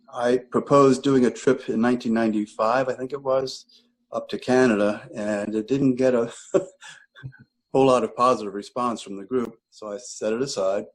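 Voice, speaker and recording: A husky-voiced older man, a retired choir director, spins a long, meandering story in an easygoing interview. He stops now and then to fix a date or a detail. His voice sits at an ordinary middle pitch. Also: poor audio. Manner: chatty, rambling anecdotes with self-corrections.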